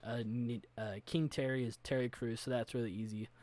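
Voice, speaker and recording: A man's voice: medium pitch, steady tone, fairly quick, darkish tone. Earnest man thinking aloud. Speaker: game master, podcast co-host. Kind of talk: casual chat.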